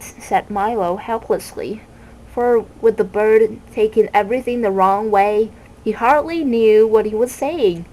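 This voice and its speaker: Woman, reading a children's book aloud, slow and measured, mid pitch, faint background hiss. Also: warm tone, low-quality recording. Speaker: reader.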